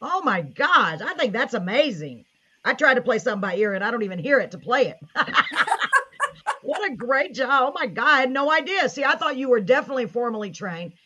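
A woman's voice: on the high side, big pitch swings, brisk, bright, forceful tone, breathy edge, dull audio. A woman hosting a live online show, gushing and enthusiastic as she chats with her guest and reads viewer comments aloud. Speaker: host.

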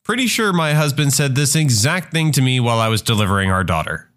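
A man narrating a string of short reader-submitted stories, jumping up in pitch to quote other people. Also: quick pace. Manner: animated, jumps to a higher pitch when quoting others. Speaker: narrator reading online comments.

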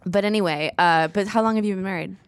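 A woman's voice: medium pitch, quick pace. A woman from Minneapolis with a Minnesota accent, hosting a casual comedic chat and joking in playful put-on voices. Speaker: podcast host.

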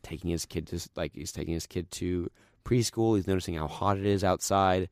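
Young man, very deep voice, casual rambling chat, lots of fillers, dry close sound. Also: fairly quick, dry recording. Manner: rambling, many fillers, drops into low quiet voice for quotes. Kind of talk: casual chat, retelling stories.

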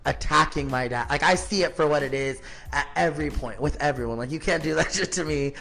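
A man's voice: fairly high pitch, brisk, gravelly, a bit bright. A man in his thirties, a podcast guest telling his story in a blunt, profane, casual way, full of filler words. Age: 30s.

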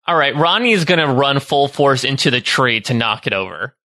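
A man playing a tabletop role-playing game who talks in a quick, playful way. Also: medium pitch, expressive, bright, forceful tone. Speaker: player.

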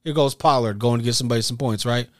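Male podcast host, mid pitch, animated and profane storyteller, dry close mic. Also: quick pace, dry recording. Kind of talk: casual chat.

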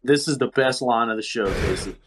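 A man's voice: medium pitch, fairly quick, fairly bright tone, a little hiss or hum. A man co-hosting a podcast, talking in a blunt, laid-back way with casual slang. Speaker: podcast co-host. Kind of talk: casual chat.

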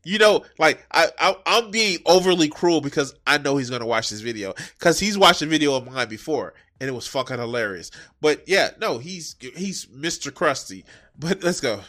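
A man mocking a clip in a profane, animated reaction commentary, cursing and laughing at the speaker. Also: a little high, normal speed. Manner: mocking, animated, swears heavily.

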